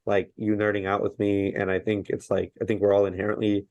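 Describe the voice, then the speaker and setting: A man's voice: fairly low pitch, level tone, a little fast, darkish tone, dry recording, lo-fi sound. A man in his thirties, a podcast guest speaking earnestly with many fillers in casual conversation.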